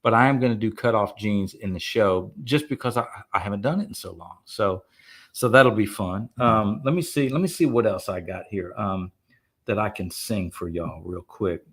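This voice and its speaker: A singer-songwriter chats casually on a live stream, rambling with lots of fillers and restarts while a guitar plays faintly in the background. His voice is lowish and a bit breathy, moving at a normal speed.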